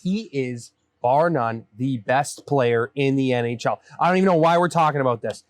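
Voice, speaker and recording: A man's voice: medium pitch, moderate pace, no echo, studio quality. A man hosting a comedic chat outdoors in a backyard, grumbling and mock-exasperated. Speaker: host. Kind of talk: comedic casual banter.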